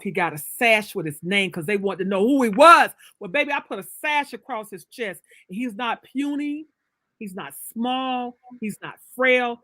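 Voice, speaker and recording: A woman's voice: medium pitch, pushed and bright, no echo. An author talks in an emphatic, preacherly rhythm, rising and falling as she builds her points. She is a woman with a mid-range voice. The recording is close and dry with no room sound. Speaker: author, guest. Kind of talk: casual livestream interview.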